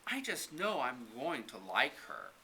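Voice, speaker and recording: A man's voice: medium pitch, a little slow, creaky, a little hiss or hum, full character voice, low-quality recording. A man voicing an eager, dramatic young girl in a storybook reading. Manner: excitable, theatrical.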